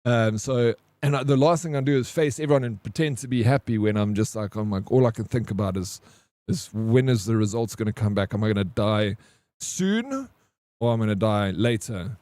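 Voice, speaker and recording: A man streaming and telling a personal story in casual chat, animated and full of swearing and "bro". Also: fairly low pitch, normal speed, dry recording. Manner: animated, swears a lot, says "bro" constantly. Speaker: live streamer.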